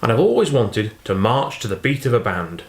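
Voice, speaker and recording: A man's voice: medium pitch, very animated, brisk, gravelly. A man voicing an eager, affectionate fifteen-year-old farm boy in an audiobook reading. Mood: wistful. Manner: earnest, affectionate, chatty. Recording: roomy echo.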